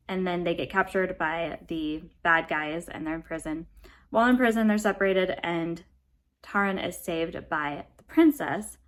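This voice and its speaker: A woman's voice: lowish voice, a bit bright. An American woman giving a casual, rambling book review, chatty and often apologetic. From United States.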